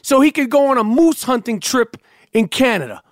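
A man's voice: very high voice, sing-song, moderate pace, no echo, clean studio sound. A man co-hosting a comedy podcast, ranting with profane disbelief in casual chat. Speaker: podcast co-host.

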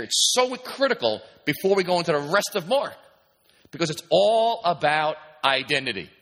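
A man preaching a sermon in an emphatic, animated way, often pausing to ask his listeners if they understand. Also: a little high. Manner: emphatic, repeatedly asking "do you understand?". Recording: long hall reverb.

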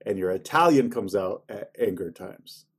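A man's voice: fairly low pitch, animated, moderate pace, breathy edge. A man chatting casually as a podcast co-host, joking and teasing, often imitating voices. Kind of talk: casual chat.

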